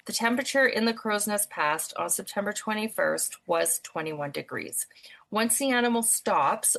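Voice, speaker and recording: A woman co-hosting a podcast, telling an animated story in casual chat and later reading out notes. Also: fairly low pitch. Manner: animated storytelling, acts out her own shouts. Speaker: podcast co-host.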